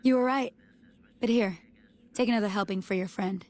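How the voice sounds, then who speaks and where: Kind game officer played by a woman, polite and guarded, mid pitch. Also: normal speed, darkish tone, dry recording, lightly acted. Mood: gentle. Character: kindly woman army officer handing out food. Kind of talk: video game dialogue.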